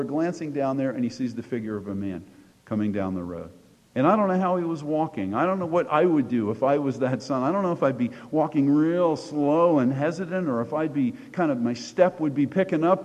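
Male preacher, fairly high voice, storytelling sermon delivery, large reverberant hall. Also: a little mellow. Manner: storytelling, reads scripture aloud with rising force.

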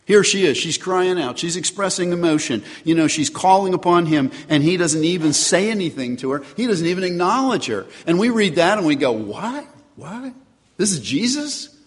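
A man's voice: high voice, expressive, fairly quick, hardly any pauses, big-room sound. A man preaching a sermon in an earnest way, asking his listeners rhetorical questions. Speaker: pastor.

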